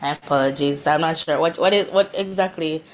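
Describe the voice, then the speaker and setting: A woman on a video call, chatting and laughing as she reads scripture aloud haltingly. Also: sits low, a little hiss or hum. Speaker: participant in an online prayer meeting. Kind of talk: casual video-call chat and scripture reading.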